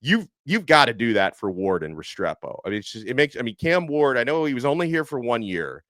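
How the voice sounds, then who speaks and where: Very animated and a little fast, this man's mid-range, slightly bright voice carries a sports podcast with no echo. He works through listener questions conversationally, stumbling over plenty of fillers and restarts.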